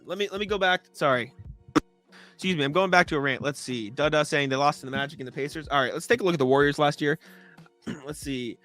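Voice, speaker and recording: A man's voice: on the high side, fast talker, pushed and bright, soft background music. A young man co-hosting a live sports talk show, ranting in a sarcastic, exasperated way and swearing. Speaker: podcast co-host.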